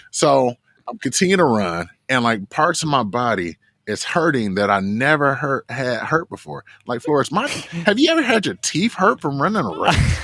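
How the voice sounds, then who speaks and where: A man telling a story as an interview guest, animated and full of "like" fillers. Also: medium pitch, normal speed, no echo, studio quality. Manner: animated, filler-heavy with frequent "like". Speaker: guest, marathon runner and coach.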